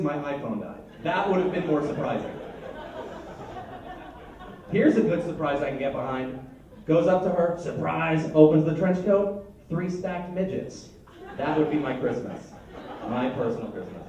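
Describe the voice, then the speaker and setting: A stand-up comedian with a fairly high, slightly mellow voice rambles and stammers through restarts on a comedy club stage before an audience. The echoey club sound is recorded from a distance.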